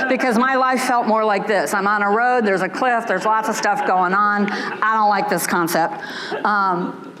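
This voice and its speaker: A woman's voice: mid-range voice, normal speed, a crowd in the background. An older woman giving a conference keynote, candid and chatty, often checking in with the audience with 'right?' and filler ums. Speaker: keynote speaker. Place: conference hall.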